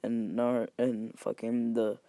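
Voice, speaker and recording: A young man rambles through a homemade story, cursing often and backtracking mid-sentence. His voice is gravelly and dark, set close in a dry, dead space. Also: medium pitch, little pitch movement, takes it slowly, no room sound. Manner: rambling, profane, self-correcting. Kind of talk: casual retelling of a fan story.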